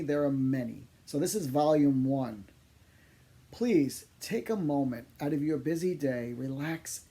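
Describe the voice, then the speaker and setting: Psychic medium guy telling funny stories, kinda high gravelly voice, chatty and poking fun at himself. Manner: animated, self-deprecating, chatty. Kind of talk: storytelling monologue to camera.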